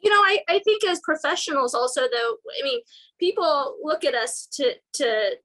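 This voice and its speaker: A woman real estate agent speaking in a team meeting over a video call, halting and restarting as she thinks aloud. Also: sits high, animated, fairly bright tone, rough recording.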